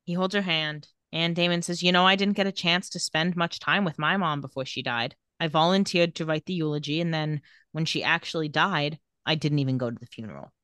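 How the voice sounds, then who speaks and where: Recapping a TV episode as a podcast co-host, a woman chats casually and animatedly, quoting characters' dialogue as she retells scenes. Her low-pitched voice is clean-toned and a little fast. The audio is studio quality, with no echo.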